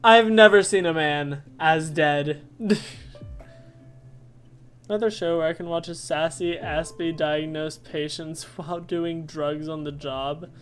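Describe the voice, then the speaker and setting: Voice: medium pitch, slow, faint music behind. A streamer chatting casually during a live game stream, telling stories with frequent laughter. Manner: giggly, animated storytelling.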